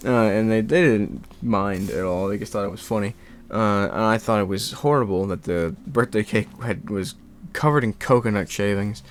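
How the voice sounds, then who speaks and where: A young man vlogging in a rambling, animated casual chat, laughing and swearing now and then. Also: lowish voice, normal speed.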